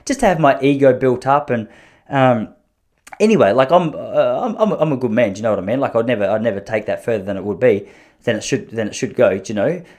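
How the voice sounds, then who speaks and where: A man hosting a podcast, telling long self-mocking stories in an animated way, with frequent restarts. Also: medium pitch, fast. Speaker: podcast host. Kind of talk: storytelling podcast chat.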